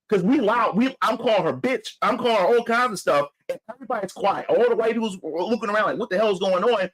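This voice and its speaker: A man's voice: high-pitched, fast, few pauses, poor audio. A young man hosting his channel, retelling a heated run-in in casual, profane storytelling with many restarts. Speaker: channel host.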